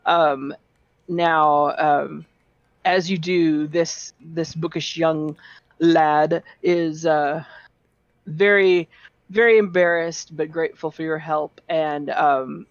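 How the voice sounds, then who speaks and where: A woman's voice: deep voice, steady tone, takes it slowly, no echo. A woman narrating as game master of a tabletop game, casual and rambling with many fillers. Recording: dull dry lo-fi audio.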